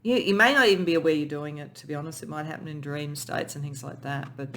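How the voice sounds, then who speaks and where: A tarot reader giving a pick-a-pile reading in an emotional, soft, spiritual way, often restarting sentences and at times near tears. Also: mid-range voice, fast, slight background noise. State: tearful.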